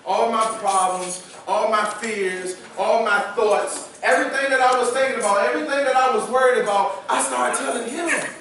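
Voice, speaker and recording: A young man giving a testimony sermon, talking casually and repeating phrases, building up to shouted preaching. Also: very high voice, steady tone, moderate pace, hardly any pauses, noisy background. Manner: conversational, repeats phrases for emphasis. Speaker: youth service speaker. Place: large church hall. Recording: echoey church hall from far off.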